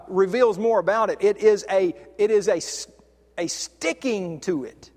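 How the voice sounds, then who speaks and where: A man preaching a sermon in a conversational way, often restarting and drawing out key words slowly. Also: sits high, a little mellow. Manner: conversational, with frequent restarts and slow stressed words. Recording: long hall reverb.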